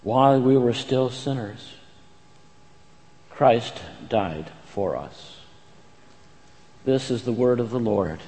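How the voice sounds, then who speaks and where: Slow, earnest pastor in a reverberant church. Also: male voice, mid-range voice, warm tone, slight background noise. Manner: measured, earnest delivery. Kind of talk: sermon with scripture reading. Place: church sanctuary. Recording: long church-hall reverb.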